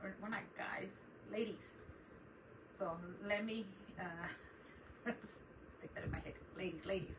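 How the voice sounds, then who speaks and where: A woman's voice: medium pitch, fairly even intonation, slow pace, pauses often. A middle-aged woman hosting a crafting live stream, chatting casually and greeting viewers by name. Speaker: crafting channel host. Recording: distant mic with noticeable background noise.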